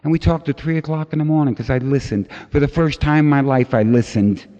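A man's voice: fairly high pitch, fairly quick, dark tone. A middle-aged man tells his recovery story to a crowd, acting out the voices of other people as he goes. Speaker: recovery meeting speaker. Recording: dull lo-fi recording with long hall reverb.

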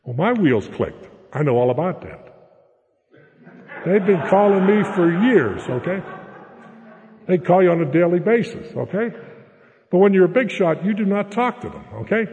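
A man spins a humorous story of his own life, folksy and plain-spoken, often checking in with the crowd with a quick "okay?". His pitch swings widely as he talks. His voice carries the long echo of a large hall. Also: animated, dark tone, dull audio. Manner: folksy, keeps tagging lines with "okay?". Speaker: speaker sharing a recovery story. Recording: echoey hall.

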